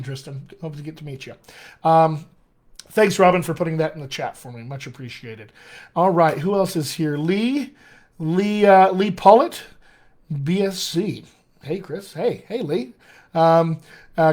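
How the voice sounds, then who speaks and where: A man working as a dialect coach, answering viewers' questions in an upbeat, emphatic live-streamed session and talking straight to them. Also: a little high. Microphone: webcam or computer mic on a live stream.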